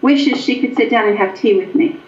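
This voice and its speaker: A woman from Pennsylvania, a paranormal investigator, telling stories as an interview guest in an animated way with frequent ums. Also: a little high, normal speed. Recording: echoey, dull lo-fi sound.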